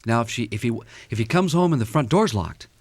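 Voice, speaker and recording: A man speaking as a guest counselor on a radio talk show, his middle-pitched voice rising and falling a great deal. He tells stories with energy and acts out what people said. The sound is close and dry. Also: quick pace, no room sound. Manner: animated storyteller who acts out quotes.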